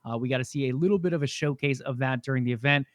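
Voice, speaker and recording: A man co-hosting a gaming podcast, giving a steady, informative rundown with some fillers. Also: mid-range voice, rapid-fire, dry recording. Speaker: podcast co-host. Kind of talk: casual chat.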